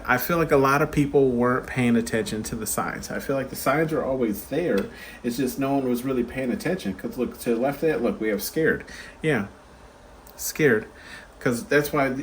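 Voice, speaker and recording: A man's voice: mid-range voice, slight background noise. A man giving a casual pick-a-card tarot reading, rambling and chatty with lots of fillers and asides.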